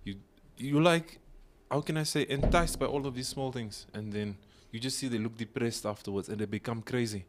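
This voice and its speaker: A man's voice: medium pitch, normal speed, few pauses, background noise. A man in a casual podcast chat, earnest and rambling, with lots of "like" and "uh".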